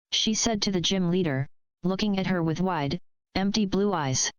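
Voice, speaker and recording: Smooth, low-pitched woman storyteller. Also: no echo, lo-fi sound. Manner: steady, measured storytelling. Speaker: story reader. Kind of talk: fanfiction read aloud.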